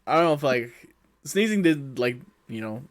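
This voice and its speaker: A man's voice: mid-range voice, animated, moderate pace. A man co-hosting a casual podcast over a voice call, reading out questions and laughing often. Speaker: podcast co-host. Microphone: voice call mic.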